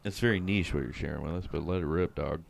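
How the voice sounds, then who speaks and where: A man's voice: deep voice, fast, vocal fry. A man co-hosting a casual sports chat with friends, laid-back and swearing freely. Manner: laid-back, swears, breaks into loud mock accents. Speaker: podcast co-host.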